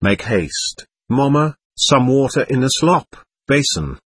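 Bossy teenage girl in a storybook reading, voiced by a man, husky and lively, urgent. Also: mid-range voice, normal speed, no room sound. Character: impetuous, imperious teenage girl.

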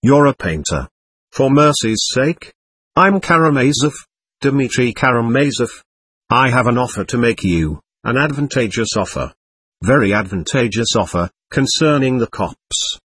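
A man voicing a desperate young army lieutenant who pleads breathlessly, in a husky voice. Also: medium pitch, lively intonation, a little slow, fairly bright tone.

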